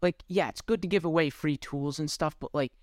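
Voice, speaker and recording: A man's voice: on the high side, fairly quick, no echo, studio quality. A young man co-hosting a casual podcast, talking hesitantly with frequent restarts and fillers. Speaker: podcast co-host. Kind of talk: casual chat.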